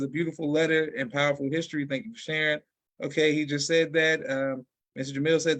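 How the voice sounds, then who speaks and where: A man hosting a podcast, reading out viewer comments in an upbeat, affirming way. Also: on the high side. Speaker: podcast host.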